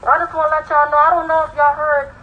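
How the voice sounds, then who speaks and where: A woman's voice: high voice, flat delivery, fast talker, narrow, tinny audio, very noisy. A woman giving an impassioned, blunt protest speech outdoors as the rally's emcee, pushing her points with rising emphasis.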